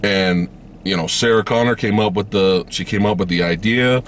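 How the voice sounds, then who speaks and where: A man hosting a casual movie review vlog, swearing freely and acting out scenes in high mocking voices. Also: moderate pace, a little hiss or hum. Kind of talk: casual spoiler review chat.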